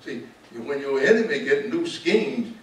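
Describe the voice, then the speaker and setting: Older Southern preacher in an echoey hall. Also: male voice, medium pitch, big pitch swings. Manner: emphatic, repeats key words, slows for stress. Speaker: pastor and author speaking to students. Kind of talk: preaching-style talk. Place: large auditorium. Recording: echoey hall, distant mic, light noise.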